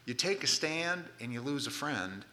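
A man preaching a sermon in a conversational way, often restarting and repeating words, and growing loud and emphatic at his high points. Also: lively intonation, moderate pace, a little hiss or hum. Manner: grows loud and emphatic at climaxes. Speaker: pastor.

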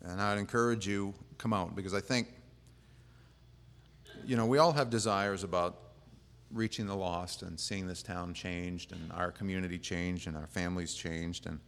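A man preaching as a pastor, speaking in a relaxed, plain-spoken way that wanders with fillers and restarts. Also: low-pitched, normal speed, slight background noise. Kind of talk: casual conversational sermon. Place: church. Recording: long reverb of a church hall.

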